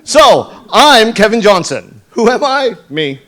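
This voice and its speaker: A man in his fifties talks from a conference stage with a fairly high voice. He is blunt and profane, and he mixes jokes into his points. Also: big pitch swings, takes it slowly, sharp tone. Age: 50s. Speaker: conference speaker. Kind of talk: conference talk.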